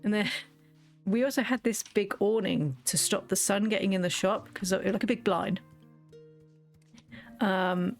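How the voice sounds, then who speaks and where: A woman, chatting casually while she plays a game and tells stories in a lively way. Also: mid-range voice, a little slow, long pauses, soft background music. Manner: chatty storytelling, lively quoted asides. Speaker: gaming video creator. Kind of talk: casual chat while playing.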